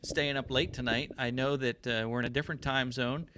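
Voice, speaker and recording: Bright-voiced, chatty American host. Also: male voice, medium pitch, steady tone, a little fast, slight background noise. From United States. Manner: upbeat, chatty, laughs easily. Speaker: podcast host. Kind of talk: casual livestream chat. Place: home garage studio.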